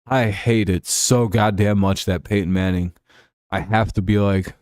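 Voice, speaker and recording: A man's voice: lowish voice, steady tone, a little slow, a little mellow, no room sound, clean studio sound. A man hosting a casual football talk show, ranting and sarcastic with plenty of swearing. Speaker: host.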